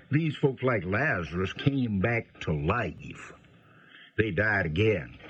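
A man giving a conversational Bible teaching, folksy and unhurried, pausing often with fillers. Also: sits low, breathy edge, dull audio.

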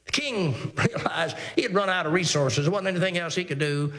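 A man with a high voice preaches a sermon as a pastor. He talks earnestly, piling up repeated phrases and tripping into restarts. Now and then he reads old scripture aloud in formal wording. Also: animated, fairly quick, fairly bright tone.

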